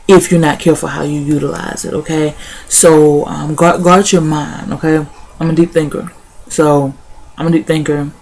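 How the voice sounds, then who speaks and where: This young vlogger's voice is low-pitched and a little mellow. She shares her thoughts casually, repeating words along the way and sprinkling in "y'all" and "honey."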